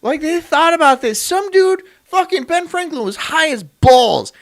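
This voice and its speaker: Crude rambling male streamer, lively pitch. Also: measured pace. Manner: crude, rambling, laughs often. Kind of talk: casual stream chat.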